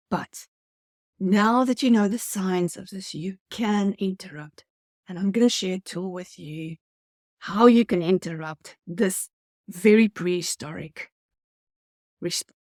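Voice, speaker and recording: A woman's voice: medium pitch, darkish tone, no echo, studio quality. A woman giving a motivational customer service training talk, earnest and coaching, speaking straight to her viewers.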